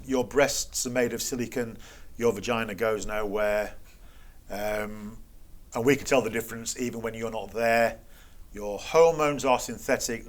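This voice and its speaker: A middle-aged man, a guest telling a story in conversation and acting out the quoted exchanges with an incredulous, wry tone. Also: fairly low pitch.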